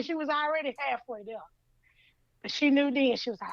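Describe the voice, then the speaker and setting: High-voiced woman, animated storyteller. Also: a little fast, creaky, pauses often, dry recording. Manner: animated storytelling, acts out lines. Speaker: podcast co-host. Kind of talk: casual chat retelling a story. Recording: dull lo-fi sound.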